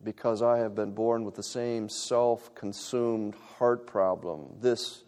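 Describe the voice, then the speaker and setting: Impassioned preacher in a reverberant hall. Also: male voice, steady tone, takes it slowly, hardly any pauses, smooth. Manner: impassioned, swings from loud urgent peaks to low quiet asides. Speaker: pastor. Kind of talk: sermon. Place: church sanctuary.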